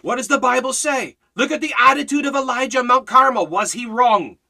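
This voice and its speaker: Hammering one rhetorical question after another, a man preaches a fiery sermon in a gravelly voice at a quick pace and a steady tone. He moves between loud exhortation and low, intense emphasis.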